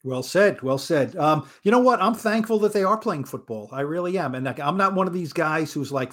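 A sportswriter co-hosting a podcast talks in animated, rushing bursts and keeps restarting his sentences. His voice sits a bit high for a man. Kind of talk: casual sports podcast chat.

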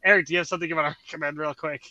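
Bright-toned male podcast host. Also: fairly high pitch, fairly even intonation, no room sound. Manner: laughing, quick asides, self-mocking jokes. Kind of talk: casual podcast chat. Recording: dull lo-fi audio.

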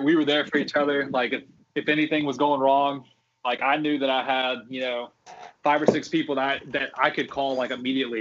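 A man's voice: mid-range voice, a bit bright, dull audio, slight background noise. A man on a podcast, casually recounting stories from his old custodial job, full of fillers and restarts. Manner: rambling, many fillers and restarts. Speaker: guest, former theme park custodian.

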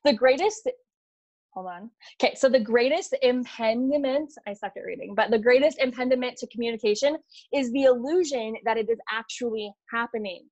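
A woman business coach talking as a podcast guest, rapid and animated, saying "like" and "literally" often. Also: a little high, no room sound, dull audio. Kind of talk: casual podcast interview.

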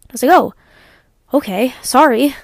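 A young woman with a somewhat high voice tells a story in a dry, close sound. She vents with animated exasperation as a podcast host and acts out her own replies. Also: normal speed, no echo. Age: young adult. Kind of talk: casual storytelling monologue.

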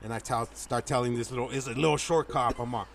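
A man's voice: mid-range voice, quick pace, creaky, a little hiss or hum. A man telling crude stories in casual chat among friends, full of slang and swearing. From small town. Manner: profane slangy storyteller, animated. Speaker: podcast guest telling stories.

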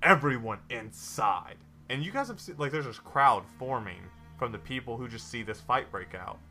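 A man's voice: mid-range voice, animated, moderate pace, bright, forceful tone, soft background music. A man narrating a tabletop game as game master, in a loose style with many fillers.

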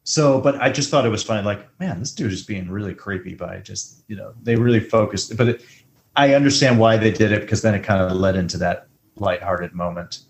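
Guy on a movie podcast, lowish voice, jokey and animated, goes up high when riffing. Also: fairly quick. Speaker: podcast co-host. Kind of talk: casual movie podcast chat.

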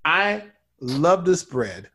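A man's voice: fairly high pitch, very animated, extremely slow, a bit bright. A man doing improv comedy on a podcast, playing a flustered, pleading director.

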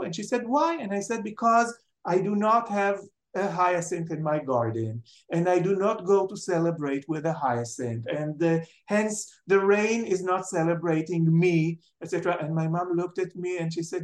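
Medium in pitch and fairly quick with few pauses, this Israeli speaker's voice has a roomy sound. Answering interview questions, the memoir author narrates family stories with animation, performing the voices of the relatives being quoted.

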